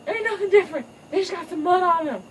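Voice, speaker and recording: A woman voicing a young lioness princess who pleads in a high, sassy, insistent way. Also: a little fast, darkish tone, natural voice. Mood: pleading. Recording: distant mic, noisy ambience.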